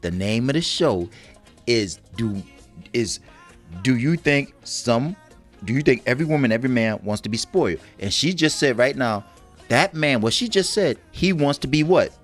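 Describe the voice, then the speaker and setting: A man chatting on a relationship podcast with a lively, swooping delivery, bouncing between boasts and acted-out lines. His pitch sits mid-range, and soft music plays faintly behind him. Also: normal speed. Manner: animated, bragging, acts out quotes. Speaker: podcast co-host. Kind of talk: casual relationship talk.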